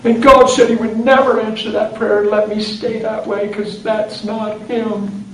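A man voicing a tearful, remorseful wife who pleads slowly in a high voice. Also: little pitch movement. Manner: high-pitched, slow and pleading. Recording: roomy hall, distant mic, background noise.

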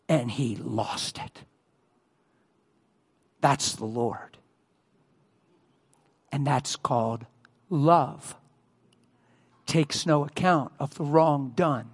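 A man preaching a sermon as a pastor, telling a story and acting out the quotes with loud cries. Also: slow, long pauses, husky. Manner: acts out quotes, shouting and wailing at high peaks. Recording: long hall reverb.

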